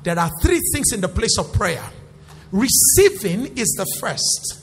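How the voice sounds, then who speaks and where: A male pastor preaching a sermon in call-and-response style, rising to shouts. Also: high-pitched, big pitch swings, measured pace. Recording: echoey hall with faint music.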